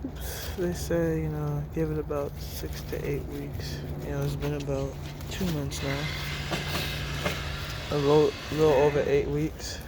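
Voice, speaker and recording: Guy filming his garden outside, slow easygoing rambling, kinda high voice, lots of street noise. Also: little pitch movement. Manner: laid-back, rambling, chuckles to himself. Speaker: gardening vlogger. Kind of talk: casual walkthrough narration. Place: outdoor home garden and front porch. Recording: outdoor clip with loud traffic noise. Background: loud traffic and street ambience.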